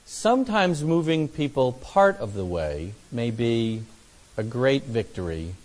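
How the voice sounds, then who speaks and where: Animated male preacher acting out dialogues. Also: mid-range voice, a little slow. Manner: animated, acts out both sides of dialogues; conversational, with fillers and restarts. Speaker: preacher teaching on evangelism. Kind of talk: sermon.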